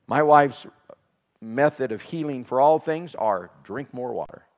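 A man's voice: medium pitch, lively intonation, a little slow, a little mellow. Preaching man in a reverberant hall. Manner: preacherly, repeats phrases for emphasis, asks the congregation questions; laughs while telling a home story. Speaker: pastor. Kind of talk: sermon.

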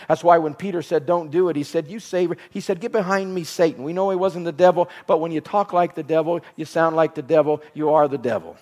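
A man preaching a sermon in emphatic, repetitive phrases, with soft instrumental music behind him. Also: fairly high pitch, fast talker, few pauses.

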